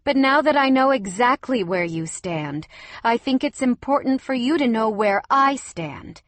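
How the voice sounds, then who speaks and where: A woman's voice: fairly high pitch, expressive, measured pace, no room sound, pitched above the performer's own voice. A woman voicing a hurt but defiant young widowed mother in an audiobook, emotional and firm.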